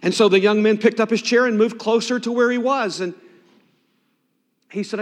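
A man preaching a sermon as pastor, swinging dramatically between loud emphasis and hushed near-whispers. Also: high-pitched, steady tone, normal speed, pauses often. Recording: long hall reverb.

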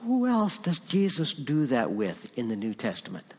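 A man's voice: mid-range voice, wildly swooping pitch, normal speed, darkish tone, breathy edge, long reverb tail. A man preaching a sermon as pastor, conversational and rising to emphatic moments.

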